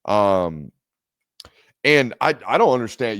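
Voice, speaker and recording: Guy doing casual football talk, animated, dry close mic, no room sound. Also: mid-range voice, normal speed, dry recording. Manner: animated, talks straight to the viewers. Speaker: football analyst hosting a reaction stream. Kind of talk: casual commentary.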